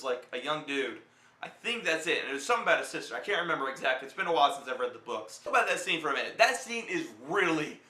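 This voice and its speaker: Bright-voiced young man ranting casually. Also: a little high, reverberant. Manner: rambling, profane, joking. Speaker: film reviewer. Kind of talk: casual film review.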